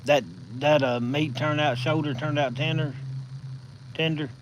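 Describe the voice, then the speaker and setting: A man with a Southern US accent hosting a casual live stream from his phone, telling stories in a folksy, drawn-out way. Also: on the high side, fairly even intonation, a little hiss or hum, rough recording. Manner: folksy, drawn-out storytelling with chuckles.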